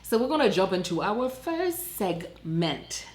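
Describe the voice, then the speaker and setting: A woman in her thirties co-hosting a podcast, telling family stories in an animated way, laughing often and acting out voices. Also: mid-range voice, measured pace. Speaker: podcast co-host. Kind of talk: casual chat. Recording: echoey room.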